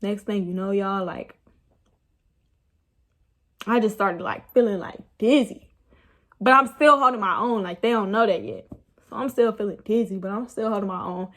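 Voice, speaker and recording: A young woman, casually telling a rambling, animated story about her night out. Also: mid-range voice, moderate pace, pauses often. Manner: animated, rambling, laughs at herself. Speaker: vlogger.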